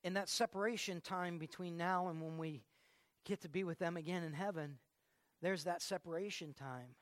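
A man's voice: sits high, normal speed, no room sound, clean studio sound. A man preaching a sermon in a conversational way, often stopping to repeat his words. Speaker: pastor.

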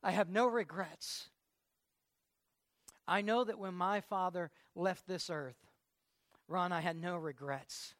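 A man's voice: high-pitched, takes it slowly, long pauses, a bit bright, dry recording, studio quality. A man preaching a sermon in a conversational way, often stopping to repeat his words. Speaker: pastor.

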